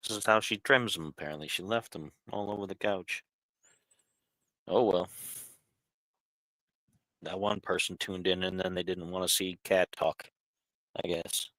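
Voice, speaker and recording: Guy rambling on a live stream at home, bright low voice, dry close sound. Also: fairly even intonation, unhurried, pauses often, no echo. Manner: chatty, talks to his cat and reads chat questions. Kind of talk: casual live stream chat. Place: home, on a couch.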